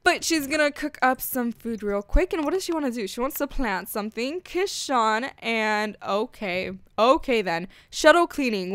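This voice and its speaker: A woman hosting a casual let's-play, chatting and gushing excitedly as she narrates her game. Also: fairly high pitch, normal speed, few pauses, no room sound, studio quality. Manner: bubbly, gushing, chatty with lots of "like" and "freaking". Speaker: gaming channel host.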